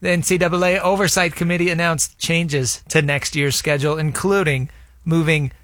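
A man's voice: on the high side, little pitch movement, normal speed, fairly bright tone, no room sound, studio quality. A man co-hosting a sports talk show, reading headlines matter-of-factly.

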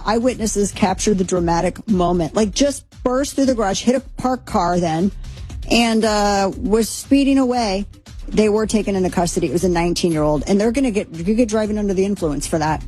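A woman's voice: mid-range voice, a little mellow. A woman hosting a radio talk show, rambling through news items in a casual, chatty way, with many fillers and asides.

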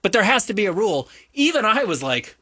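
A man co-hosting a sports talk show, opinionated and animated, rambling with fillers as he argues his point. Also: high-pitched, fast talker, husky, dry recording, clean studio sound. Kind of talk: casual sports radio banter.

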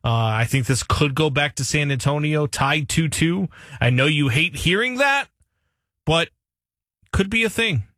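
A show producer chatting easily with the host about a playoff game, in an easygoing, conversational way. His voice is bright and clear, recorded dry and close with no room sound. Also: fairly high pitch, lively intonation, a little slow, no echo. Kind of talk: casual sports chat.

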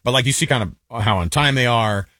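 A married man co-hosting a casual chat show, talking quickly in a joking way with lots of fillers. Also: mid-range voice, pushed and bright, no room sound, clean studio sound. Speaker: co-host.

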